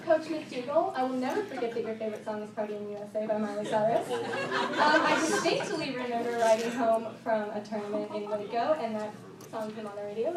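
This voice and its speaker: A teenage girl giving a rambling, heartfelt thank-you speech at a golf banquet, full of "like" and "um". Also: a little high. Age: teens. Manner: bubbly, rambling, lots of "like" and "um". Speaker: high school golfer giving a banquet speech. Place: banquet room. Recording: echoey room from far off with loud ambience.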